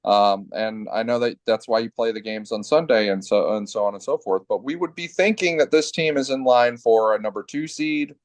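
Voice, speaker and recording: A man's voice: on the low side, moderate pace, few pauses, no room sound. A man hosting a sports podcast in casual chat, talking in long rambling runs full of fillers and restarts. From New England family.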